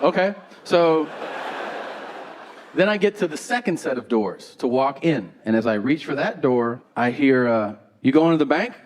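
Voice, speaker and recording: A man doing a stand-up comedy set on stage, telling stories in a deadpan way and acting out both sides of the dialogue. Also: medium pitch. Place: theater stage before a live audience. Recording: live show with crowd noise. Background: audience laughter.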